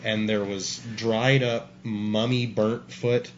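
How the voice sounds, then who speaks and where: A man's voice: fairly low pitch, level tone, slow pace. A man telling stories casually as a guest, rambling and swearing a lot. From Canada. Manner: profane, rambling storyteller. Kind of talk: casual storytelling. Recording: dull lo-fi sound, faint hiss.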